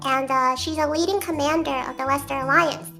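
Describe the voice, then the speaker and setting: High-voiced woman guest, casual explainer, filler-heavy, music behind. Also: steady tone, brisk, sharp tone. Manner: storytelling with lots of fillers.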